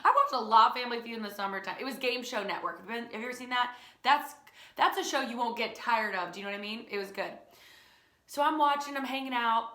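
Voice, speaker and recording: Young female teacher, playful storyteller, slightly high voice, echoey room. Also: quick pace. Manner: animated, playful, acts out quoted lines. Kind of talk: storytelling to children.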